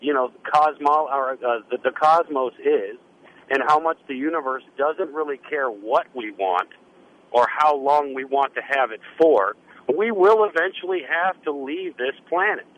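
A man's voice: fairly high pitch, unhurried. A man debating on a radio show, hesitant, with frequent fillers and restarts. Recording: dull lo-fi radio audio.

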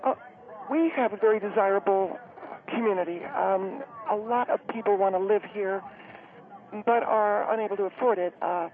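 A man voicing a high-strung, well-to-do woman who talks haltingly with many fillers. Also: lightly acted. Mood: hesitant. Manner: halting, hesitant, many fillers, later panicky and breathless. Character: fussy upscale woman, community spokeswoman, high-strung. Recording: tinny phone-line radio sound.

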